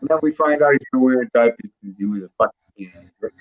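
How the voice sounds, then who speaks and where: A man in his sixties with a gravelly voice, rambling and swearing constantly in casual chat. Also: medium pitch, quick pace, highs cut off, soft background music. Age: 60s. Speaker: video creator on a live call.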